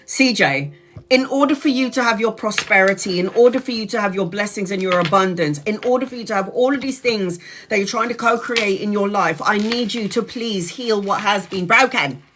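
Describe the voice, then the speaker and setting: A woman's voice: mid-range voice, bright, forceful tone, slight background noise. A woman giving a live-streamed tarot reading, chatty and blunt, swearing casually as she talks. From Brazil. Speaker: tarot reader.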